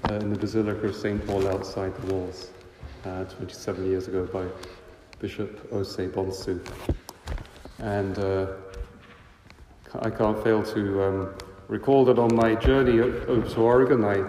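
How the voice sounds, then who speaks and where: A man giving a homily as a visiting priest, speaking in a halting, emotional way with many fillers. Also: on the low side, background noise. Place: church. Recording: echoey church from far off.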